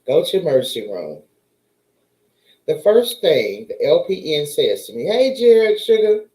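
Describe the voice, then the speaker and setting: A woman's voice: low-pitched, sing-song, a little slow, dark tone, reverberant, poor audio. A woman chatting casually to her viewers, telling a story and acting out the voices of the people in it. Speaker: vlogger.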